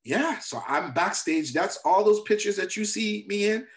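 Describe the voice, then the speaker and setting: A middle-aged male comedian, a guest in an interview, telling a story with animated delivery and acting out the lines of other people. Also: high-pitched, normal speed.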